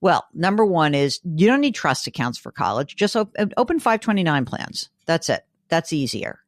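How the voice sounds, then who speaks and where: Animated woman podcast host, lively pitch. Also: no room sound, clean studio sound. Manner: animated, enthusiastic, talks in quick asides. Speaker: podcast host giving money advice. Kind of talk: casual podcast chat.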